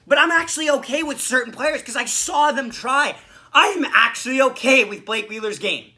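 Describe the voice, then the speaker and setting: Frustrated, sharp-voiced hockey ranter. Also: male voice, extremely high pitch, normal speed. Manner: animated, swearing, frustrated, sarcastic. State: losing his voice from screaming. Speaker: podcast host. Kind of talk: solo sports reaction rant.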